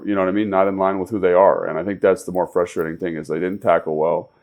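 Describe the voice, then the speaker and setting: A man's voice: low voice, fairly even intonation, fast, a little mellow. A man co-hosting a sports show, a former pro football player and coach, analyzing the game with an emphatic coaching tone. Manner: coaching tone, emphatic, repeats himself.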